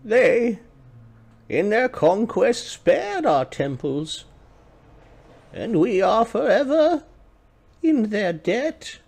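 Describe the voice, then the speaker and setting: High old monk voice, creaky, slow and solemn. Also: male voice, sing-song, a little mellow, full character voice. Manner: slow, measured pronouncements.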